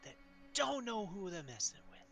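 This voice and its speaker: A man's voice: sits high, sing-song, moderate pace, gravelly, bright, forceful tone, soft background music, pitched above the performer's own voice, full character voice. A man voicing a cocky, scrappy redheaded boy who leads a gang and taunts strangers. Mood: taunting. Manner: brash, taunting, swearing.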